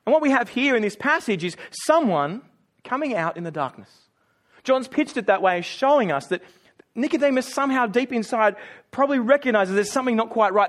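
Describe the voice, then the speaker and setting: Middle-aged man, high voice, chatty pastor giving a sermon. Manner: conversational, self-deprecating humor. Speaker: preacher.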